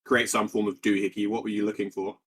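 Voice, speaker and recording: A man's voice: fairly low pitch, level tone, fast, fairly bright tone, husky. A man running a tabletop game as game master, rambling and laid-back with many fillers.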